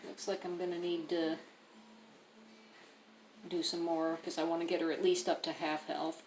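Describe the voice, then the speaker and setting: A woman player in a tabletop game, speaking casually and hesitantly with frequent pauses. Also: on the low side, little pitch movement, darkish tone. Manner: hesitant, filler-heavy. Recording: roomy room, faint noise.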